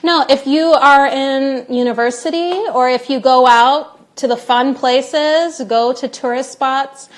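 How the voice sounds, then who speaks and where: A young woman chats in a casual live-stream Q&A, recorded on a phone. Her voice sits high. She talks playfully, cracks jokes and reads questions from viewers aloud. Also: slow pace, hardly any pauses. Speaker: English teacher hosting a live Q&A.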